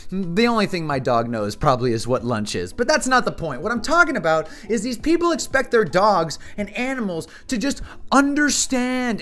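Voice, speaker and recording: A man vlogger ranting to camera in an exasperated, animated way, swearing often. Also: high voice. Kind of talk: casual comedic rant to camera.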